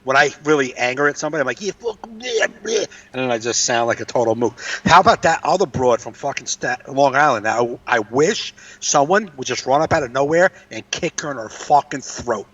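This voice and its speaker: A man's voice: medium pitch, a little fast, few pauses, a bit bright. Ranting, profane man, far from mic. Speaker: podcast co-host, comedian. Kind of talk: casual podcast chat. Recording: distant, dull lo-fi mic.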